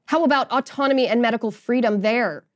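An indignant woman hosts a political talk podcast with a slightly high voice. Her commentary is opinionated and laced with sarcasm. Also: quick pace. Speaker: podcast host.

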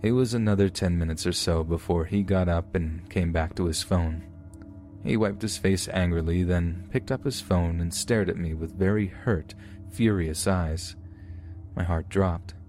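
A man with a very low, deep voice reads true horror stories at a measured, even pace. Quiet music plays faintly under his narration. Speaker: podcast narrator.

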